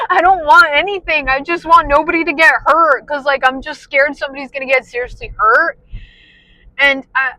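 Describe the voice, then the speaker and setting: A woman's voice: sits high, fairly even intonation, brisk, pushed and bright, dry recording, poor audio. A young woman vlogging, rambling in a self-deprecating way about her fears and moods, dropping "dude" and "like" all the time. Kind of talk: casual rambling monologue.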